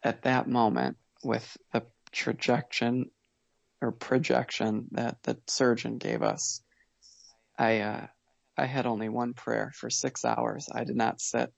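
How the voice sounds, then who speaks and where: A man shares his story as an interview guest, his voice gravelly with a bit of fry. He talks in an earnest, measured way, pausing and rephrasing as he reflects. The sound is dry and a little dull, like a modest lo-fi recording. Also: mid-range voice, flat delivery, dry recording. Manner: earnest, measured, with pauses and restarts. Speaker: guest, father.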